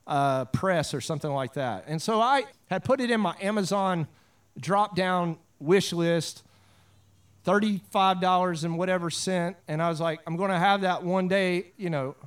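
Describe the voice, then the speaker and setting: A pastor with a drawl, preaching in a high, smooth and resonant voice. He drifts from scripture reading into fervent prayer and easygoing storytelling. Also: normal speed. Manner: casual storytelling with prayerful swells. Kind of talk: sermon.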